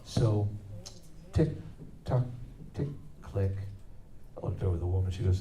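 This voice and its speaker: A man's voice: deep voice, moderate pace, long pauses. A middle-aged man spinning casual stories in a loose, rambling way, full of fillers. He sounds distant and echoey, recorded from across a convention hall, with a faint hiss in the background. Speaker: voice actor guest at a convention Q&A. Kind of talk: anecdotal storytelling.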